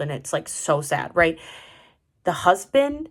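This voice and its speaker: Low-voiced young woman, rambling chat. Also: very animated, takes it slowly. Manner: rambling, many "like" fillers and restarts. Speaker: vlogger reviewing a TV drama. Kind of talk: casual chat.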